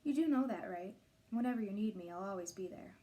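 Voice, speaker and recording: A woman's voice: mid-range voice, animated, a little fast, dark tone, close to an everyday voice. A caring mother, as a woman reader puts her on. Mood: reassuring. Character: caring protective adult mother, warm and firm.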